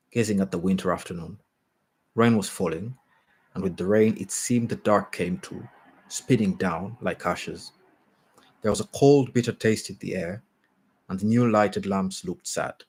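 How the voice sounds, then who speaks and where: A man with a very low, husky voice reads a short story aloud. His pace is measured, and he sometimes stumbles and restarts a phrase. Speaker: reader.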